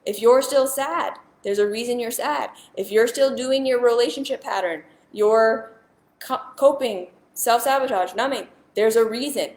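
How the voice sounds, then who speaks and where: A woman's voice: a little high, a little slow, a little mellow, reverberant. A woman and spiritual teacher talking straight to viewers in a casual monologue, earnest and emphatic, often repeating herself.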